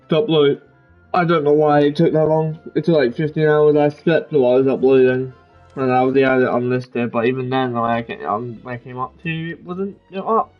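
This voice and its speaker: A young man commenting casually on his game session, rambling and restarting his sentences as he goes. He has a mid-pitched voice on a slightly dull home mic, with faint game music running under him. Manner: rambling, full of fillers and restarts. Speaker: gaming video creator. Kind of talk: casual let's-play commentary.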